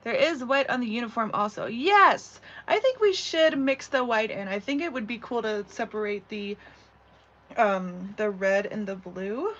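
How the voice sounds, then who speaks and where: A woman hosting a casual live craft tutorial from home, chatting and rambling with lots of "you know" and "like". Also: mid-range voice. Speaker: craft channel host. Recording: slightly dull audio with faint background hum.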